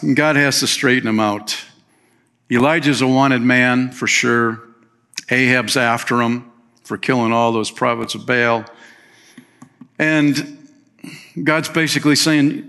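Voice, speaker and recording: Male pastor, mid-pitched, folksy preacher reading scripture with emphatic commentary. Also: unhurried. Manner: reads scripture aloud and comments with lively emphasis; folksy, uses fillers and plain phrases. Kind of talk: sermon.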